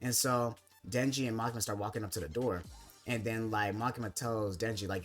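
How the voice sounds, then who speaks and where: A man's voice: on the low side, steady tone, fairly quick, soft background music. A young man recapping an anime plot in casual commentary, rambling with constant filler words. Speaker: anime video essayist.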